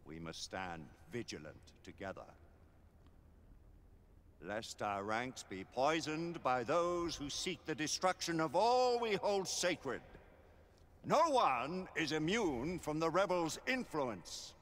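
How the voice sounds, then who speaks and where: An actor playing a stern, aging Lord Chancellor who presides over a knightly council, speaking in a grave, measured, commanding way. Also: male voice, fairly high pitch, sing-song, fairly bright tone, heavily acted. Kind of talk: video game cutscene acting. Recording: game audio with long reverb.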